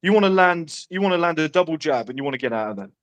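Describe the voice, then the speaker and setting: A man's voice: a little high, expressive, fairly bright tone. A man giving brash, profane dating advice in casual podcast chat. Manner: brash, swearing, quick one-liners.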